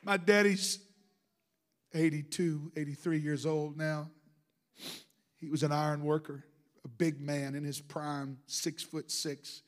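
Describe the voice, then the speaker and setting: A middle-aged man preaching a sermon, telling emotional stories that swing from hushed to shouting. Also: fairly high pitch, little pitch movement, slow, long pauses. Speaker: pastor.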